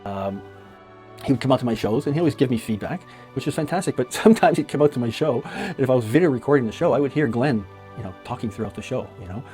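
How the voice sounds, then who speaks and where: A man's voice: mid-range voice, lively intonation, fast, a little mellow, soft background music. A middle-aged man from Canada, a magician, telling fond and chatty stories about a late friend with frequent laughs. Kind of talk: casual spoken memorial tribute.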